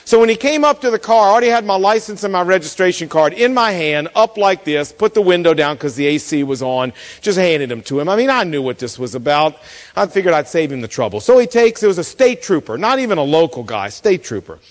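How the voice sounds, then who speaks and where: Male pastor, high lively voice, storyteller delivering a sermon in a reverberant hall. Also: fairly quick. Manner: storytelling, animated, acts out quoted voices.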